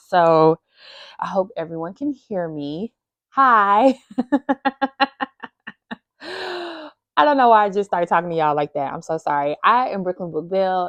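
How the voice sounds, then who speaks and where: A woman's voice: fairly low pitch, no echo. A woman hosting her book channel, chatting expressively to viewers at home in her small apartment. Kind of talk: casual chat to camera.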